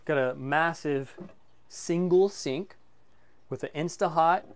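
A man's voice: fairly high pitch, takes it slowly, heavy background noise. A man casually presenting a walkthrough of a motorhome for sale, enthusiastic and full of fillers like "um" and "like". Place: inside a motorhome.

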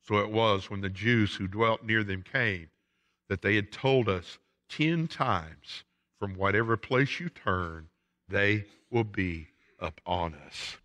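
A Southern US pastor delivers an emphatic sermon with a bright, forceful voice. His intensity swells and drops as he preaches. The sound rings with the long reverb of a church sanctuary. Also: on the low side, slow. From United States.

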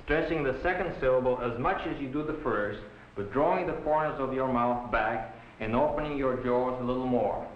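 A man's voice: mid-range voice, moderate pace, a little hiss or hum. Old-film male professor, patient and instructive, classroom lecture, echoey room, dull muffled sound. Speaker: language professor.

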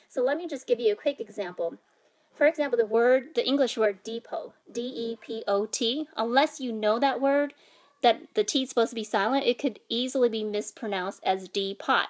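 A woman teaching a language lesson, patiently explaining and sounding out vowels and tones. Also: a little high. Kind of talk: instructional explanation.

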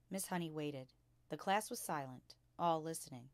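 A woman reads a children's chapter book aloud in calm, clear narration. Her voice sits a little low, and the recording is close and dry. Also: moderate pace, no room sound. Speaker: storytime reader.

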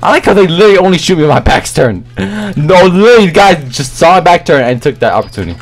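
A young man commenting on his own gameplay, talking in slangy, excitable, rambling trash talk. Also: high-pitched, fast. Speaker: gaming YouTuber.

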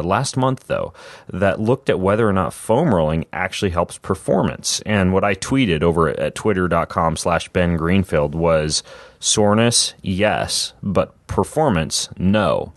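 A man hosting a podcast, chatting casually in a relaxed, rambling way with frequent restarts. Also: deep voice, normal speed, no room sound. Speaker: podcast host. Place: Spokane.

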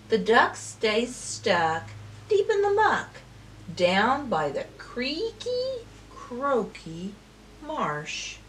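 A woman telling a rhyming story at circle time for preschoolers, slow and expressive, dropping to whispers and rising to calls. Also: mid-range voice, distant mic, slight background noise. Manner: slow, sing-song and expressive, with big swings between whispers and calls. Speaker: preschool teacher.

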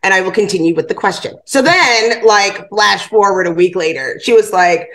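A woman's voice: mid-range voice, normal speed, hardly any pauses, a bit bright, poor audio. Chatty woman podcast co-host. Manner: chatty anecdotes, quotes dialogue. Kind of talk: casual conversation.

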